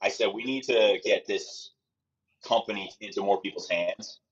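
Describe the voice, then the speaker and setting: A man who runs a sports travel company, a guest on a talk show, chatting in a steady, upbeat promotional way. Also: on the low side, normal speed, breathy edge. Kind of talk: casual interview chat. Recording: muffled lo-fi sound.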